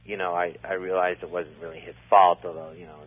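Low-voiced guy rambling through a story, lots of restarts, tinny phone line. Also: little pitch movement, brisk, slightly rough. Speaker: comedian guest. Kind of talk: casual storytelling.

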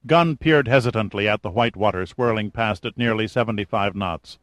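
A man reading an audiobook's narration in an even, measured way. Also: lowish voice, no echo, clean studio sound.

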